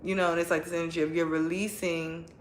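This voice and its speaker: Chatty low-voiced woman reading tarot. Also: flat delivery, quick pace, roomy sound, a little hiss or hum. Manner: chatty and rambling, often tagging "right?" and "like". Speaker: tarot reader. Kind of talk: casual spoken tarot reading.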